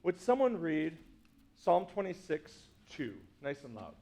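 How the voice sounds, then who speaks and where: Pastor guy teaching a class, kinda high voice, lots of like and right? in every sentence. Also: sing-song, a little slow, mellow. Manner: chatty, many fillers like "like" and "right?". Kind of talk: casual teaching talk to a congregation.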